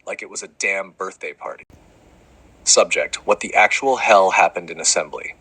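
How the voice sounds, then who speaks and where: Man, low voice, husky, sharp tense tone, exasperated principal, comic letter narration, swearing. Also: moderate pace, low-quality recording. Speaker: narrator reading letters to parents as a school principal. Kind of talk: comedic scripted narration.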